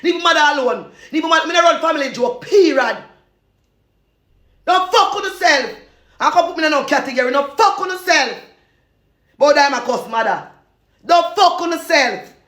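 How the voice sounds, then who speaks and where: A Jamaican woman in a loud, repetitive, cursing rant, laughing between insults. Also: sits high, lively intonation, normal speed, pauses often, reverberant.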